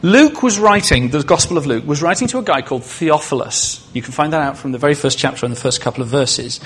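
A man's voice: fairly high pitch, lively intonation, quick pace, a little hiss or hum. A male preacher giving a sermon in a conversational way, asking the congregation questions and adding humorous asides.

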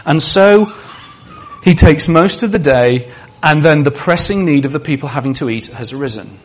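A man's voice: fairly high pitch, lively intonation, moderate pace. A male preacher giving a sermon in a conversational way, asking the congregation questions and adding humorous asides.

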